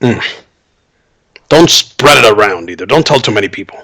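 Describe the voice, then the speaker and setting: A man playing a tabletop game, giving wry, deadpan banter in and out of character. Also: lowish voice, normal speed, husky. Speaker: player.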